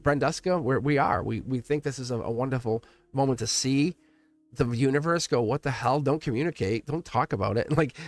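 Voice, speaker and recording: A middle-aged man hosting a live tarot reading stream, talking warmly and at length to his viewers, rambling with frequent restarts and laughs. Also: mid-range voice, vocal fry, no room sound. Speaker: live tarot reader and channel host.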